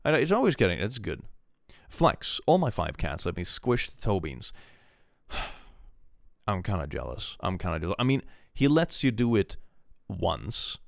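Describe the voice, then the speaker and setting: Man with a gravelly, lively voice. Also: lowish voice, dry recording, studio quality. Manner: laid-back and joking, reads out chat. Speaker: streamer. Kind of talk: casual stream chat.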